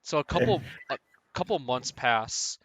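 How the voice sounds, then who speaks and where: A man's voice: mid-range voice, expressive, unhurried, a bit bright, no room sound. A man co-hosting a casual podcast, recapping a manga chapter and ranting in exasperation, laughing often. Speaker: podcast co-host.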